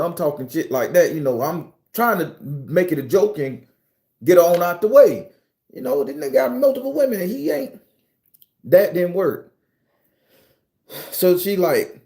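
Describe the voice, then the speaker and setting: A man's voice: high voice, lively intonation, normal speed, mellow. A man streaming live, telling a story in loose, profane casual talk, sweaty after a workout. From United States. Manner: loose and profane, laughs often, talks to chat by name. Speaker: vlogger.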